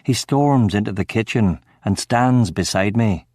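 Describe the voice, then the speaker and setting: A man giving steady, measured first-person narration of a crime novel audiobook. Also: on the low side, no echo, studio quality.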